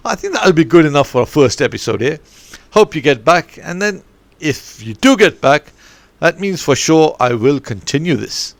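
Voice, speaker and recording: A man's voice: fairly high pitch, moderate pace, creaky, dry recording. A middle-aged man, a football coach, hosting a rambling solo podcast from his bedroom with no proper studio, wandering off topic and swearing mildly as he talks. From Zambia. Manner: digressive, animated, mildly swearing. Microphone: home setup, no studio.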